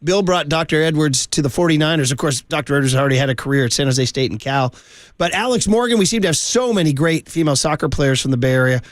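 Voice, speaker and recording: A man hosting a sports radio show, talking quickly and enthusiastically with lots of laughs. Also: fairly high pitch, animated, no echo. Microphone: studio microphone.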